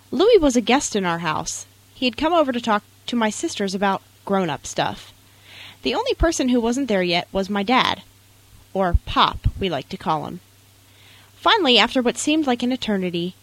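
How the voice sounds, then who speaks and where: A woman's voice: mid-range voice, no echo, rough recording. A young woman reading a personal essay aloud in an earnest, tender way. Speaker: narrator.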